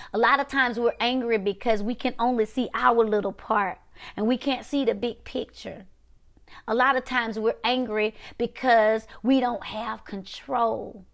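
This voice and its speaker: Woman preacher, impassioned sermon delivery, gravelly, a bit high. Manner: impassioned, swings from loud declarations to hushed whispers. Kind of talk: live-streamed sermon and prayer.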